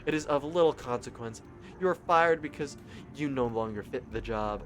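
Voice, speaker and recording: A man voicing a cold, domineering young woman who claims to know everything, speaking low and clipped. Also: normal speed, fairly bright tone, faint music behind, close to an everyday voice.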